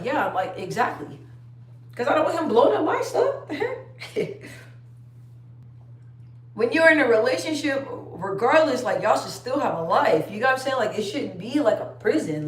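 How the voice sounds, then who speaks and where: A young woman chatting casually on a livestream, telling stories and reading viewer comments aloud. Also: on the high side. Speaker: livestream host. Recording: roomy sound, distant from the mic.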